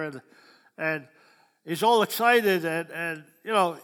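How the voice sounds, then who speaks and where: Delivering a sermon in a folksy style, this preacher keeps putting questions to the crowd. He speaks a little slowly in a slightly high, bright, forceful, clean voice, with long hall reverb on the recording.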